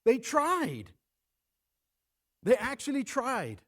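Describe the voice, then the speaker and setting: A middle-aged man preaching a sermon in church, animated and acting out quoted lines in shifting voices. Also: extremely high pitch, extremely slow. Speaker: pastor.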